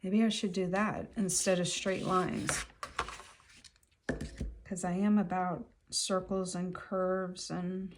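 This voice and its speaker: Slow, low-voiced woman musing while painting. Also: level tone. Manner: musing aloud to herself while she works. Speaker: artist. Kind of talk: casual commentary while painting. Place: home art table. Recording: clear clicking noise behind.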